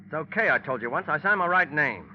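A gloating killer fiancé. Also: male voice, fairly high pitch, sing-song, quick pace, lo-fi sound. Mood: tense. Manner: cold, taunting, menacing. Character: scheming man murdering his fiancée. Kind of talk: 1940s radio acting. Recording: hissy old radio recording.

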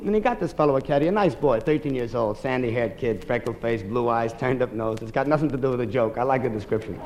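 A man performing a stand-up comedy monologue, telling a long story briskly with deadpan asides. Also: a little high, a little hiss or hum.

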